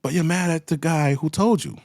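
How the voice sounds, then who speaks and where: A man's voice: fairly high pitch, fairly quick, a little mellow, no echo, studio quality. A man giving a heated, profane commentary rant full of slang, as the show's host. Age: adult with children. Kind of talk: ranting commentary.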